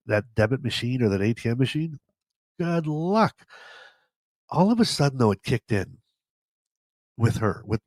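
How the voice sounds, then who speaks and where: A man's voice: fairly low pitch, darkish tone, no echo. A man hosting a podcast, telling stories in a casual, joking, self-deprecating way with a stuffy nose. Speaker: podcast host. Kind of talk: casual storytelling monologue.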